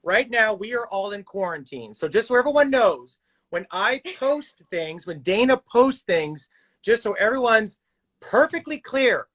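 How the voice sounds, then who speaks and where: A man's voice: sits high, very animated, a little slow, fairly bright tone. A man hosting a casual live stream from his home on a phone, upbeat, reading viewer comments aloud and laughing often. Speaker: live stream host and actor.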